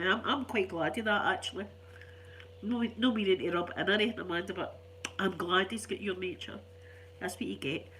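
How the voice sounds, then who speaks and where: A middle-aged Scottish woman, ill and congested, telling stories in an animated, chatty way. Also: mid-range voice, slight background noise. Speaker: vlogger. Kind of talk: casual storytelling chat.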